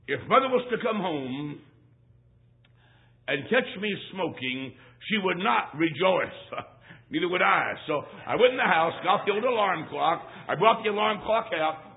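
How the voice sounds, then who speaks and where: High-voiced folksy preacher, tinny sound. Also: male voice. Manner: folksy, emphatic, swings from hushed to shouting. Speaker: traveling evangelist. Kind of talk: storytelling sermon. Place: church service.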